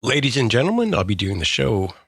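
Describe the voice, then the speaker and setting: A man's voice: mid-range voice, very animated, fairly quick, fairly bright tone, breathy edge, no echo, clean studio sound. A man, co-hosting a casual podcast with wry quips. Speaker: podcast co-host. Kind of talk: casual chat.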